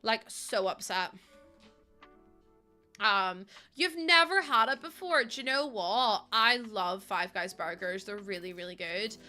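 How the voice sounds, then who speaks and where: A young woman in her late twenties streams a life-sim game and chats away in a rambling, laughing way. Her voice is bright and forward at a middle pitch, with faint game music underneath. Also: a little slow. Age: late 20s. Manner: chatty, rambling, laughs often. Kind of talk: casual chat while playing a game.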